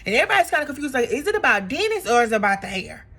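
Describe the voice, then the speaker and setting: A woman recapping a reality TV episode in a casual, gossipy vlog, animated and chatty, with plenty of fillers. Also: high-pitched, very fast, breathy edge. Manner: animated, acts out quotes in exaggerated voices; chatty with frequent fillers and laughs.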